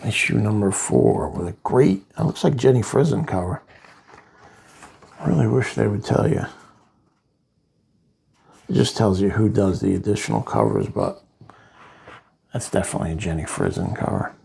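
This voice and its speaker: A man casually reviewing a comic book, rambling through the plot with asides, in a gravelly voice. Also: fairly low pitch, very animated, normal speed, pauses often, darkish tone.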